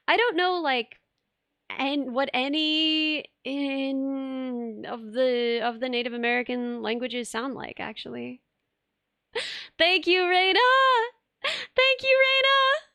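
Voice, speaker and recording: A woman's voice: high-pitched, a bit bright, no room sound. A young woman streamer in casual live chat, reading viewer messages and rambling with many restarts.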